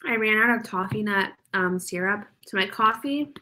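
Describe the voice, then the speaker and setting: Bubbly bright-voiced woman chatting. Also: medium pitch, normal speed, slight background noise. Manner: bubbly, chatty, lots of "like" and laughs. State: a little out of breath. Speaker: livestream host of writing sprints. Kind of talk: casual chat reading live comments.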